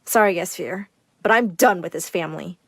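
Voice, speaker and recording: A woman's voice: lowish voice, fairly quick, fairly bright tone, dry recording, studio quality, voice pushed down. A woman voicing a fed-up teenage boy, the eldest brother, talking wearily. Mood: weary.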